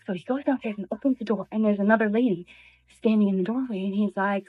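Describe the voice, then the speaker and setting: A woman's voice: mid-range voice, brisk, slightly rough, no room sound. A woman casually telling a story to her viewers in a chatty way, acting out each person's lines. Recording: tinny phone-like sound.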